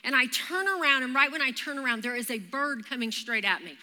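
A woman, giving an animated, story-driven sermon at a live church service. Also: high-pitched, fairly quick. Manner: animated, storytelling with vivid exclamations. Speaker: church speaker. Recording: reverberant live church hall.

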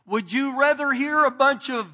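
A man's voice: extremely high pitch, moderate pace, pushed and bright. A man pastor giving a sermon in a church, preaching in an emphatic, folksy way. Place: church sanctuary. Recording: long church hall reverb.

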